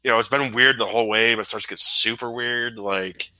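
A man's voice: mid-range voice, fairly even intonation, brisk, sharp tone, rough recording. A man in a casual, swear-laden conversation about a film, full of fillers and restarts. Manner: loose, profane, filler-heavy. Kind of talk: casual movie discussion.

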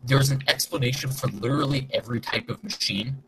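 A male podcast co-host with a mid-range voice talks fairly quickly and casually on a laggy video call, using a home mic against a noisy background. He's chatty and tends to trail off and restart.

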